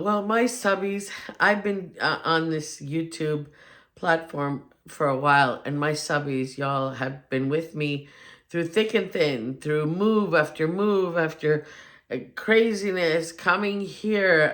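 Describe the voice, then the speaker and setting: A woman hosting a home decor channel, talking casually and warmly to her subscribers in a chatty, gushing way. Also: low-pitched, animated, slow pace. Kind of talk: casual vlog talk to subscribers.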